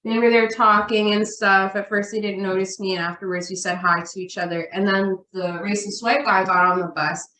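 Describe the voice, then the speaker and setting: A woman's voice: medium pitch, brisk, few pauses. Chatty woman in an echoey room. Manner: animated, chatty storyteller with many "like" fillers. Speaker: podcast guest. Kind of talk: casual storytelling chat. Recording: roomy echo.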